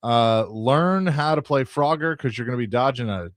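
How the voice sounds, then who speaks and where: A man hosting sports talk radio in a relaxed, rambling way, his voice sitting at a middling pitch. The studio mic sounds dry and close. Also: normal speed, no room sound. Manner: easygoing, rambling, reads ad copy. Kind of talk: casual sports radio banter. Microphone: studio microphone.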